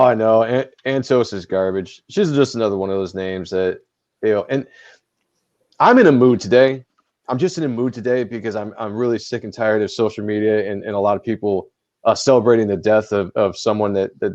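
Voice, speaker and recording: Low-voiced blunt male podcast host. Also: a little fast, a little mellow, dry recording, highs cut off. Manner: blunt, swears freely. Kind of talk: casual chat.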